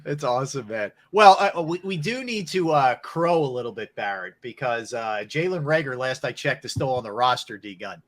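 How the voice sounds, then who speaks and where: A male sports talk host steers the chat with short remarks. His voice moves a lot in pitch and sounds lively. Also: moderate pace, few pauses.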